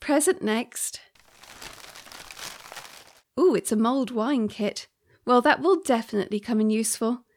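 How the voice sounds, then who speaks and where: A woman's voice: on the high side, a little slow, pauses often, a little hiss or hum. A woman hosting a scripted comic podcast, playful and theatrical. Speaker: podcast host.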